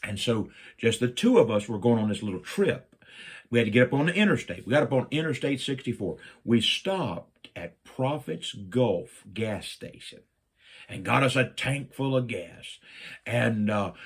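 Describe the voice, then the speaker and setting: A middle-aged man from Virginia, telling a personal story and acting out his own lines with big jumps up in pitch. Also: unhurried, slightly rough. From Virginia, USA. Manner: animated, jumps up in pitch when quoting himself.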